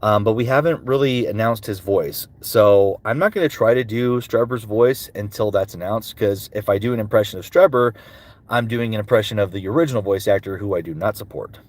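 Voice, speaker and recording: A male voice actor with a lowish voice talks a little fast as he answers fans' questions in a casual livestream. Between answers, he shifts into character impressions.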